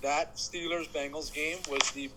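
A man in casual podcast chat, ranting excitably with constant swearing. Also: fairly high pitch, measured pace, background noise. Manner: heated, profane, excitable ranting. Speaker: podcast co-host, sports fan.

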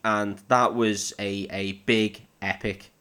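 A young man banters through a casual podcast chat. His voice sits on the low side, and he swears freely and laughs often as he riffs with his co-host. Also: level tone, slow, bright, forceful tone. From Northern England.

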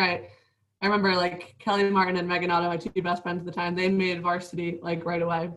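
A woman's voice: medium pitch, a bit bright, far from the mic, poor audio. Chatty young woman, lots of "like". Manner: chatty, filler-heavy, laughs often. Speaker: guest, professional basketball player. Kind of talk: casual interview chat.

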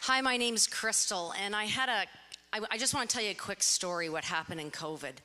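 A woman's voice: mid-range voice, fairly quick, sharp tone, a little hiss or hum. A woman sharing a personal testimony at church, telling her story and acting out quoted dialogue. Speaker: church member giving a testimony. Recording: echoey hall.

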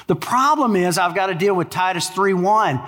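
Male preacher, storytelling sermon, slightly high voice, long hall reverb. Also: expressive, moderate pace. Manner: storytelling, drops to a hushed low voice in sad parts. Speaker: pastor.

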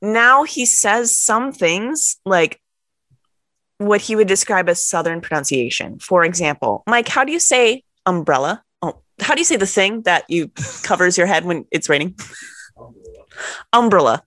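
Lively, laughing woman in dry podcast chat. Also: fairly low pitch, moderate pace, no room sound. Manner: lively, laughing, skeptical pushback. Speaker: podcast co-host. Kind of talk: casual podcast banter.

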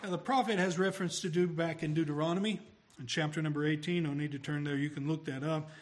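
A man preaching a sermon emphatically, his voice swelling louder on key phrases. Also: fairly high pitch, fairly even intonation, fast talker.

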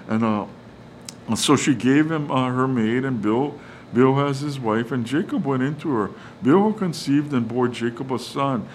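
A man's voice: mid-range voice, measured pace, slight background noise, poor audio. A man preaching a sermon, reading Bible verses with many fillers and restarts. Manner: reads verses and acts out quotes casually. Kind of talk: sermon on Scripture.

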